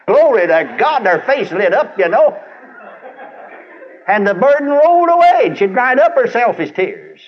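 Older male preacher, husky voice, a bit high-pitched, dull old sermon tape. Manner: animated, folksy, acts out quoted voices. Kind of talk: sermon storytelling.

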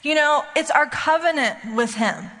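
High-voiced conversational woman preacher. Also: expressive, a little slow, bright, forceful tone, big-room sound. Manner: conversational, emphatic, frequent "okay?" check-ins. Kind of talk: sermon.

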